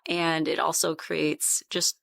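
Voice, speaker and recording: A woman's voice: deep voice, little pitch movement, takes it slowly, vocal fry, a bit bright, dry recording, clean studio sound. A woman and mother of five sons, a guest on a podcast, talking earnestly in casual chat.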